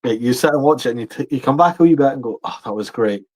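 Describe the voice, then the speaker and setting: A man's voice: mid-range voice, rapid-fire, darkish tone, rough recording. A man, co-hosting a casual podcast with jokey, chatty banter. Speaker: podcast co-host. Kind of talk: casual sports chat.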